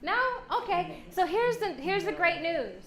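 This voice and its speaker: A woman giving a lively workshop talk to a women's leadership class, joking and acting out quoted voices. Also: very high voice, measured pace, a crowd in the background. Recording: echoey room, faint hum.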